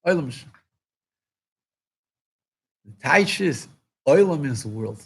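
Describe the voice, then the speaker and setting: A rabbi speaking at a farbrengen, impassioned, repeating phrases for emphasis and rising to exclamations. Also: male voice, fairly high pitch, animated, slow pace, creaky, fairly bright tone, breathy edge. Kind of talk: farbrengen talk.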